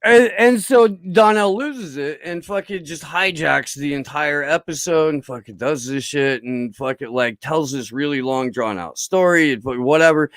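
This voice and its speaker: A man's voice: a little high, no echo. A man telling a long story in a rambling, profane way with lots of fillers, as a podcast guest in casual chat.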